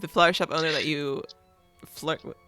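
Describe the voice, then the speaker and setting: A woman's voice: sits low, steady tone, moderate pace, sharp tone. A woman running a tabletop game and hosting a live stream, chatting and laughing while she fixes technical issues. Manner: laughing, upbeat, multitasking. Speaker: game master and stream host. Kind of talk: casual chat on a live stream. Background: background music.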